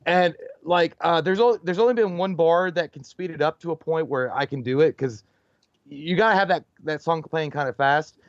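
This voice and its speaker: A man chatting on a casual movie podcast, telling a long rambling story with stumbles and restarts. He acts out what others said and laughs his way through it. His voice sits high, and the sound is dry and close to the mic. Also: normal speed, no echo, lo-fi sound. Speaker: co-host of a movie channel.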